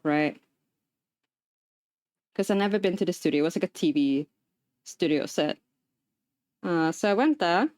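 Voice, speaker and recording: A woman livestreamer telling a story in casual chat, animated and laughing often as she talks while assembling a paper craft. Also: on the low side, dry recording. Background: talking while assembling a paper craft.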